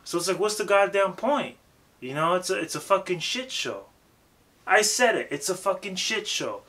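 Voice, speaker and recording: A man's voice: sits high, big pitch swings, normal speed, pushed and bright. A man giving a casual, emphatic lesson on rapping and stage presence, swearing freely and repeating himself for emphasis. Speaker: rap coach.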